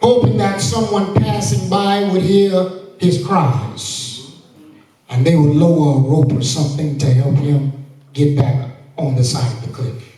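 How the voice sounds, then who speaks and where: A man's voice: fairly high pitch, fairly even intonation, measured pace, dark tone. A male pastor preaching a sermon, telling a story and then driving home his point with emphatic, sing-song delivery. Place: church sanctuary. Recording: echoey church from far off.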